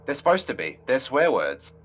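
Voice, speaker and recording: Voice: medium pitch, very animated, normal speed, breathy edge. A player chatting casually at a game table in a teasing manner. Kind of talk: casual chat.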